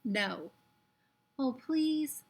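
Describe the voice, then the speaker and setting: A woman voicing a tiny, fierce adult warrior man who growls short, clipped words very slowly. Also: high-pitched, expressive, husky, voice pushed up, heavily acted. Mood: threatening.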